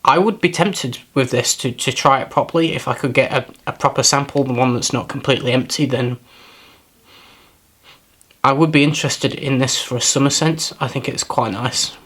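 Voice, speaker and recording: A man at an ordinary middle pitch reviews fragrances in a relaxed, unscripted way. He pauses, restarts and repeats words while working out what he smells, and he is often apologetic about himself. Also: slightly rough. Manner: thoughtful, hesitant, self-deprecating, repeats words while searching. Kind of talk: casual product review.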